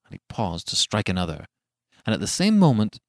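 A man narrating a horror story in a hushed, suspenseful way. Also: on the low side, huge pitch swings, fairly quick, no room sound, studio quality. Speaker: audiobook narrator.

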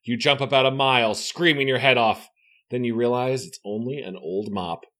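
A man's voice: medium pitch, normal speed, pushed and bright. A man reading a choose-your-own-adventure book aloud with theatrical flair and jokes. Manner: theatrical, jokey. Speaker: host reading a gamebook aloud. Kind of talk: dramatic read-aloud with banter.

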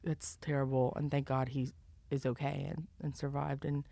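A woman comedian co-hosting a podcast, chatting casually and reacting eagerly with quick exclamations. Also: extremely low pitch, level tone, vocal fry, dark tone, no room sound. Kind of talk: casual chat.

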